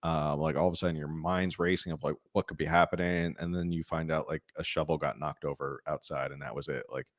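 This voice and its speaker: A man's voice: a bass voice, steady tone, fairly quick, hardly any pauses. A man co-hosting a podcast, talking casually and rambling with many fillers. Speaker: podcast co-host. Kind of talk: casual chat.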